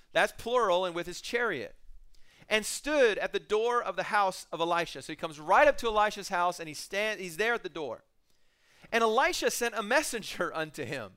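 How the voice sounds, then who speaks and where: A male pastor in mid-life delivering a relaxed, humorous sermon, bringing the scripture to life by acting out the characters. His voice sits high for a man and rings out bright and clear. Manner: casual, joking storyteller who acts out scenes.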